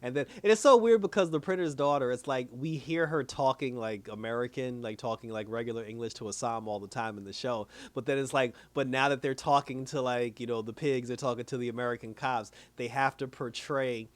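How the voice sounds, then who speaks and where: A man in casual chat, retelling a story in loose slang at a middling pitch. He acts out the characters' lines and keeps chuckling between them. The sound is close and dry, with no room echo. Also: fairly quick, hardly any pauses. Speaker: TV episode reviewer.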